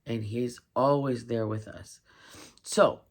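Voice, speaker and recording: A woman vlogger talking warmly and emotionally to her viewers, near tears. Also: very deep voice, fairly even intonation, unhurried. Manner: emotional, tender, talks straight to viewers. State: tearing up. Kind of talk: heartfelt holiday vlog.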